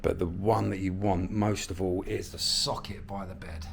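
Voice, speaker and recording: A man's voice: low-pitched, steady tone, normal speed, gravelly. A man with a London accent chatting casually as he films a travel vlog, walking through a lakeside village and cheerfully greeting locals. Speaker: travel vlogger. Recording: noisy outdoor ambience.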